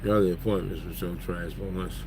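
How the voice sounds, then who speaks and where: A man's voice: low voice, steady tone, brisk, background noise. Joking truck-driving man chatting. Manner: loose, joking storyteller with laughs. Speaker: truck driver vlogger. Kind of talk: casual chat. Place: truck cab.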